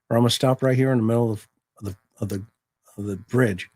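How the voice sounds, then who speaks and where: A man's voice: mid-range voice, fairly quick, breathy edge, no echo. Folksy older man telling a story. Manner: folksy, steady storyteller, fatherly. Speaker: guest. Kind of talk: casual chat.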